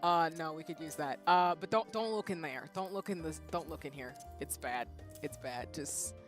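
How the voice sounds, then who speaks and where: A woman streaming a game, chatting casually with her viewers in a playful, flustered way that breaks into loud bursts. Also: low voice, normal speed. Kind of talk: casual livestream chat while gaming. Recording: music playing behind.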